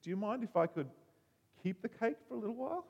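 A man's voice: high-pitched, sing-song, quick pace, gravelly, a little mellow, long reverb tail, highs cut off, voice pushed up, full character voice. A man voicing a timid, lonely middle-aged woman who speaks in a pleading, apologetic way.

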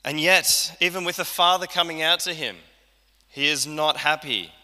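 Bright-voiced man preaching in a hall. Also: on the high side, moderate pace. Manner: conversational preaching, acts out quoted lines. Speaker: pastor. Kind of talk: sermon. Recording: church hall reverb.

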